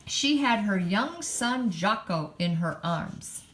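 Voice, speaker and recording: A woman reads a children's picture book aloud in an expressive storytime manner. Her voice is lively, rising and falling a great deal as she tells the story. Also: medium pitch, slow.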